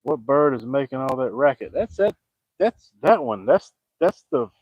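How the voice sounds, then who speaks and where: A man's voice: medium pitch, sing-song, moderate pace, breathy edge, dry recording, muffled recording. Guy fishing outside, folksy and jokey, chatting back at comments, dry sound. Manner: folksy, joking, talks back to viewer comments. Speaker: fishing vlogger. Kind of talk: casual chat to camera. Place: outdoors by the water, fishing.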